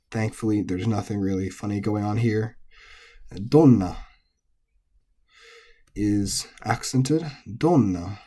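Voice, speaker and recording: Low, mellow-voiced man teaching pronunciation. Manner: patient, methodical, repeats example words. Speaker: language teacher. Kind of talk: explaining Japanese pitch accent.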